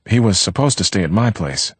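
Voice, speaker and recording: A man voicing an uneasy young man who answers in halting, evasive phrases. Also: on the low side, sing-song, breathy edge, no echo, voice pushed up, exaggerated voice. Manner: hesitant, halting.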